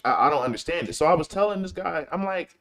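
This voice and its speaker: A man's voice: fairly high pitch, lively intonation, quick pace, a bit bright. A man from Chicago talking in a casual, slangy commentary style, repeating points for emphasis. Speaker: commentary show host. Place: lives in Texas.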